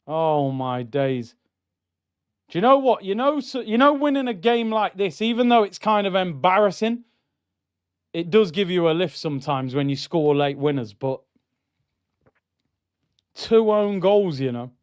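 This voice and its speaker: A man's voice: high voice, moderate pace, pauses often, smooth, dry recording, lo-fi sound. A young man streaming a live football watchalong, reacting to the match and reading out chat comments. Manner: excitable, shouts at goals, then grumbles and reads comments.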